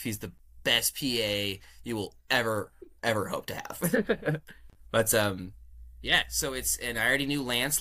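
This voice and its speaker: Young male guest, bright voice; animated, chatty anecdote teller who acts out dialogue. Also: medium pitch. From California. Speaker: podcast guest. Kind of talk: casual storytelling interview.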